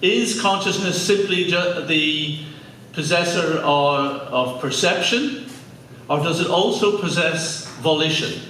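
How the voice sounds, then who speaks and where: An Irish man with a fairly high voice delivers a lecture to a live audience, chatty and joking with the crowd. He is heard from a distance in a very echoey hall, with faint room noise behind him. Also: slow, sharp tone. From Ireland. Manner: conversational, jokey asides with audience. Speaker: speaker giving a public talk.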